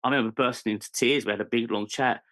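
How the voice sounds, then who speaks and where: A man's voice: medium pitch, fairly even intonation, fast talker, a bit bright. A man in his forties with a British accent, a podcast guest telling his life story candidly, earnest and searching, with frequent ums and restarts. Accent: British English. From England. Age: 40s.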